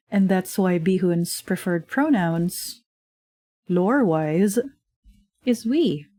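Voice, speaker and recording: Slow, chatty woman streamer. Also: lowish voice, warm tone, no echo. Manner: chatty and rambling, many fillers, laughs often. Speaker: streamer and digital artist. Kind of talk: casual livestream chat while drawing.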